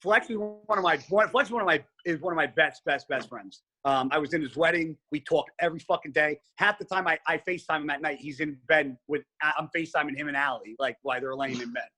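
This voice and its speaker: A man's voice: a little high, quick pace, few pauses, husky. A man as a podcast guest, telling stories in casual chat, blunt and heavy on profanity. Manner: blunt, profane, animated storyteller.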